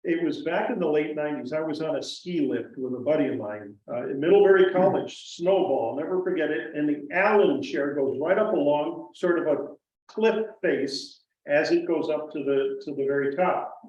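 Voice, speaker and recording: A man telling stories about his carving to a live audience in a folksy, animated way. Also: fairly high pitch, normal speed. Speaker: guest woodcarver speaker. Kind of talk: storytelling talk to a live audience. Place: museum presentation room. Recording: echoey hall, distant muffled mic.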